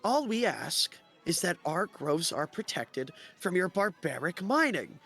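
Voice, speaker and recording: An earnest male druid elder who pleads in a slightly raised voice, as a man running a game puts him on. Soft music plays underneath. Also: high voice, very animated, measured pace, husky, exaggerated voice. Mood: pleading. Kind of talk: tabletop role-play voice.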